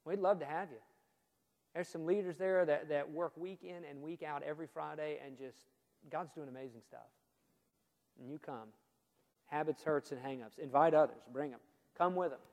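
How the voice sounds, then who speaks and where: Pastor, male, high-pitched, earnest sermon delivery with quiet emphatic drops, big church reverb. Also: normal speed, gravelly, long pauses. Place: church sanctuary. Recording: long reverb of a church hall.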